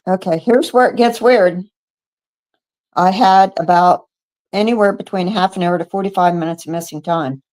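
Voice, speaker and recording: A woman's voice: lowish voice, normal speed. Older woman telling a vivid first-hand story. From United States. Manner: animated storyteller who acts out quoted dialogue, with stumbles and restarts. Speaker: guest witness. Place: radio studio.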